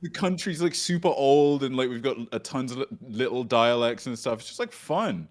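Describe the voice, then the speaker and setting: A man's voice: mid-range voice, expressive, normal speed. A British man co-hosting a casual reaction chat, rambling through his points and laughing often. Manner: giggly, rambling, lots of fillers. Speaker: co-host.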